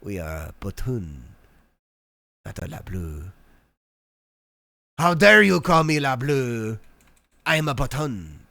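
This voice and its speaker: A man's voice: deep voice, expressive, very slow, no echo, studio quality, voice pushed down, heavily acted. A man voicing a comic mock-French man with an exaggerated, hammy fake French accent. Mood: indignant.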